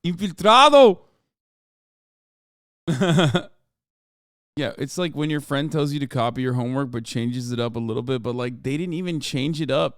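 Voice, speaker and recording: A male streamer, talking fast and sarcastically with plenty of swearing. His voice comes through smooth and clear at a middle pitch. The sound is close and dry, with no room in it. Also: no room sound. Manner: profane, fast, sarcastic ranting. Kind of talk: political commentary livestream.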